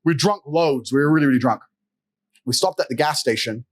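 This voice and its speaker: A man's voice: fairly high pitch, animated, a little fast. A man in a podcast chat, telling boastful stories in a brash, profane way and laughing often. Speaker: podcast guest. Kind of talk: casual storytelling chat.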